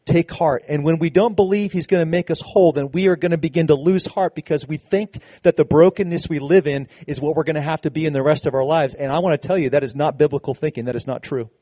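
A man preaching a sermon to a congregation, emphatic, slowing down on key phrases and leading call-and-response. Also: a little high, warm tone, no room sound. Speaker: pastor.

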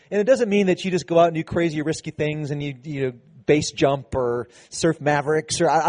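A man's voice: fairly high pitch, darkish tone. A man, a pastor, giving a sermon in a conversational, preaching way, with frequent restarts and emphatic passages.

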